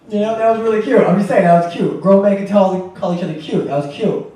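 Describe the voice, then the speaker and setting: Male emcee, teasing and rambly, slightly high voice, distant mic, very echoey club. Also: quick pace, hardly any pauses, dark tone. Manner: teasing, rambling banter with the audience. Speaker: comedy show host. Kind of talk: emceeing between acts. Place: comedy club stage. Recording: echoey club recorded from afar.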